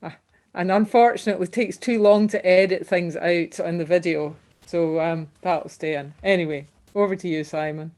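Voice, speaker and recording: A woman's voice: lowish voice, fairly even intonation, moderate pace, a little mellow. A woman hosting an online music session, self-deprecating and laughing off a forgotten song. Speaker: session host. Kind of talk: casual hosting.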